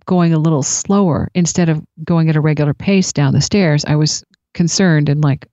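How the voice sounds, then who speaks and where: A woman telling a personal story in a reflective, unhurried way. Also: deep voice, steady tone, dark tone, no room sound. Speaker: speaker sharing spiritual experiences. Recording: dull lo-fi recording.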